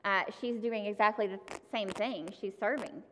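A woman's voice: medium pitch, normal speed, fairly bright tone, slight background noise. A woman giving a sermon, talking to the congregation in a conversational way and addressing them directly. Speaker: preacher. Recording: long hall reverb.

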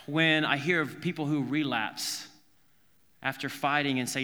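A man's voice: on the high side, fairly even intonation, a little slow, sharp tone, big-room sound. A man from South Carolina preaching a conversational sermon, earnest and informal, often restarting his sentences. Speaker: pastor.

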